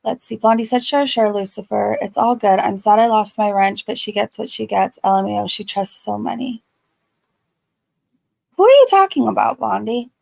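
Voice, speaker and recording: A woman chatting on a casual livestream, earnest and soft-spoken, with a gravelly fry running under her mid-pitched voice. She reads viewer comments and answers them with many ums and likes. The sound is close and dry, with no room around it. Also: steady tone, a little fast, few pauses, dry recording. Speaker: YouTube commentary host reading live chat.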